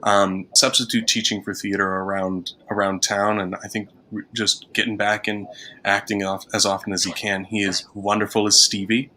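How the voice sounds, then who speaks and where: Bright-toned low-voiced director. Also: male voice, flat delivery, moderate pace, slight background noise. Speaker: theatre director. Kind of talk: casual chat.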